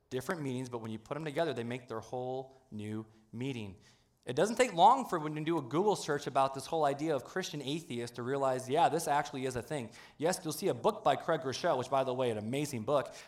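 A man preaching a humorous sermon in a church, joking with the congregation in a playful, animated way. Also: fairly high pitch. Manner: playful, jokey, animated delivery. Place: church sanctuary.

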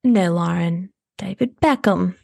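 An actress playing a self-absorbed rich suburban adoptive mom in an improvised comedy podcast, rambling and oversharing. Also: female voice, fairly low pitch, measured pace, vocal fry, dark tone, no room sound, studio quality. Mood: rambling, chatty.

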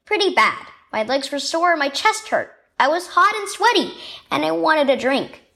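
A woman voicing an earnest, tender young boy in a children's story, with an eager, pitched-up manner. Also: big pitch swings, moderate pace, bright, forceful tone, exaggerated voice.

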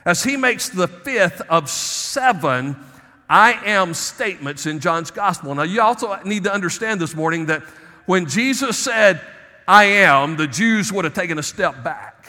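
A male pastor preaching a Sunday sermon, swinging between soft asides and emphatic rises. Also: sits high, big-room sound.

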